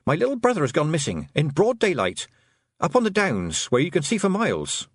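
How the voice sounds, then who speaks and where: Storybook girl, young, stubborn, fierce, sharp and demanding, high lively voice, put on by a male narrator, dry close sound. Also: fairly quick, slightly rough, no echo, full character voice. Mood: urgent, demanding.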